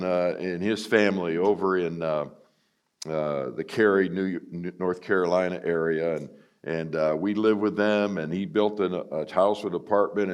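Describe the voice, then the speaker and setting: An older man preaching as a guest speaker, telling personal stories in a folksy, earnest way. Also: lowish voice. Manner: folksy, earnest, acts out quotes.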